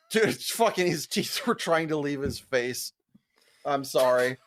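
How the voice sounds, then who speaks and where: A young man spins a profane, animated story on a podcast, laughing as he goes. His voice sits a little higher than most men's. He jumps between tones with plenty of energy. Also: slow pace. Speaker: podcast co-host. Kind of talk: casual storytelling chat.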